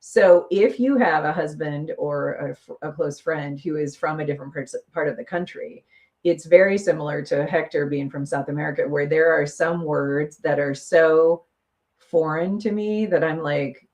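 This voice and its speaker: A middle-aged woman with a notably deep voice co-hosts a relaxed talk show. She speaks emphatically and laughs easily between her points. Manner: chatty, emphatic, quick to laugh. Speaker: podcast co-host. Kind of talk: casual chat.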